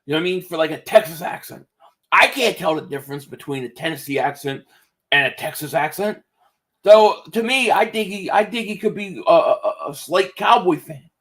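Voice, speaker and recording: A man from the Philadelphia area calls a football game play by play on a live stream from home, chatting loosely with viewers, reading chat aloud and swearing now and then. He's loose and excitable, with a voice on the high side at a moderate pace.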